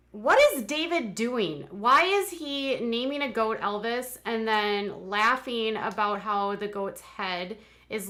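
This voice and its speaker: A woman's voice: medium pitch, sharp tone. A woman hosting a live-streamed commentary show, talking in a chatty way with exasperated asides. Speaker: commentary channel host.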